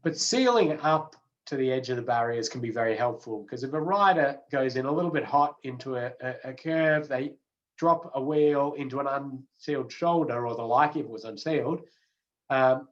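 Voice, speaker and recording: A man's voice: medium pitch, moderate pace, dull audio. A chatty man lecturing an online course. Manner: relaxed, chatty, with many fillers and restarts. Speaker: road safety trainer.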